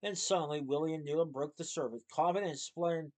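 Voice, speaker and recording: A man reads a children's novel aloud in a steady, expressive narrating voice. His pitch sits a little above the usual for a man. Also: fast talker, poor audio. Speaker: storybook reader.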